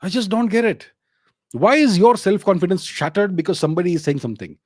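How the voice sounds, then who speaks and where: A man's voice: high-pitched, expressive, quick pace, a little mellow, dry recording, studio quality. A man with an Indian English accent, hosting a solo commentary show and answering viewer questions, emphatic and full of rhetorical questions.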